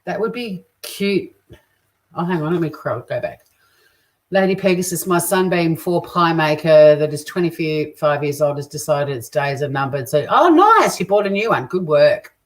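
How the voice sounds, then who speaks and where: A woman's voice: low voice, steady tone, normal speed, a little mellow. An Australian woman hosting a casual live cooking stream, chatting, joking crudely and reading out viewer comments as she cooks. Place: home kitchen. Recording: distant mic with faint kitchen clatter. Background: clinking dishes and cutlery.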